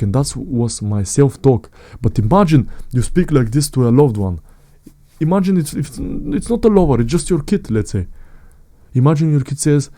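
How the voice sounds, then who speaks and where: Very dark-voiced man. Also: mid-range voice, expressive, normal speed, no echo, clean studio sound. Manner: blunt and earnest, repeats phrases, addresses viewers as guys. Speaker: self-improvement vlogger. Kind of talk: direct-to-camera motivational talk.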